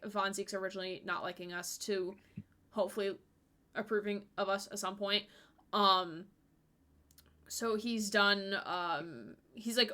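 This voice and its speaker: Bright, giggly woman streamer. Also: mid-range voice. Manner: giggly, chatty, many fillers. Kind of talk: casual let's-play commentary.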